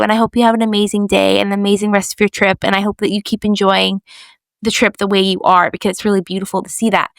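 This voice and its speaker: A woman's voice: medium pitch, no echo. A young woman co-hosting a casual faith podcast, telling a story with lots of "like" and acting out the voices of the people in it. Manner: animated storyteller, acts out quoted voices, lots of "like". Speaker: podcast co-host.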